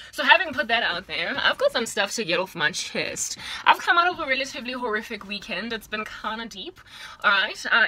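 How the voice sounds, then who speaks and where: A young woman from South Africa talking to camera in a casual vlog monologue, animated and chatty with slangy asides, recorded in a small room at home. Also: medium pitch, dry recording, rough recording. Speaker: vlogger.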